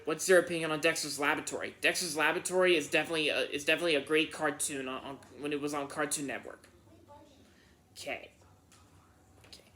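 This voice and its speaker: Male channel host, bright and slightly high voice, halting delivery full of restarts, casual viewer Q&A. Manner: halting, repeats and restarts words often. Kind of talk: casual answering of viewer questions.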